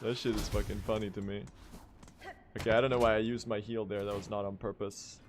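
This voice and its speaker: A man's voice: lowish voice, flat delivery, fairly quick, background noise. A young man speedrunning on a live stream, casually commentating, swearing and addressing his chat.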